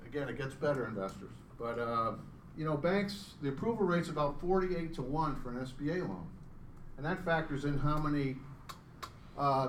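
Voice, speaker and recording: A middle-aged man, a startup founder, giving a chatty, self-deprecating pitch presentation to a live audience and joking with the crowd. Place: event room with an audience. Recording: roomy sound from a distance, faint background hum.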